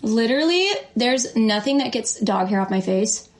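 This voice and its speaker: A woman's voice: on the high side, expressive, moderate pace. A young woman chatting casually on a live stream at home, gushing over her dogs. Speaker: livestream host. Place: home, indoors.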